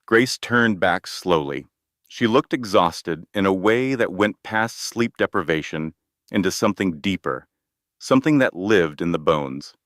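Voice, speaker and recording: A man with a very deep, low voice narrating a dramatic story in a measured, steady way. The sound is close and completely dry. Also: no room sound.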